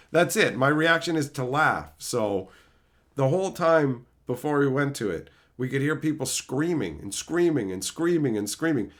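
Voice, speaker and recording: A man's voice: fairly high pitch, fairly bright tone. A man streaming, telling a story in a casual rant, profane, exasperated and mocking.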